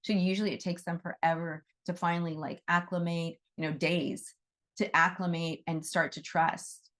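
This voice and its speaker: A woman's voice: fairly low pitch, flat delivery, moderate pace, a bit bright. Chatty woman teaching a class. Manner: conversational, often checks in with "right?". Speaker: animal Reiki teacher. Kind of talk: casual teaching talk to a class.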